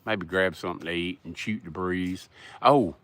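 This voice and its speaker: A man's voice: low-pitched, normal speed, a bit bright, no room sound. A middle-aged man with a Southern US accent, hosting a casual livestream and rambling in a folksy way as he answers chat. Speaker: livestream host.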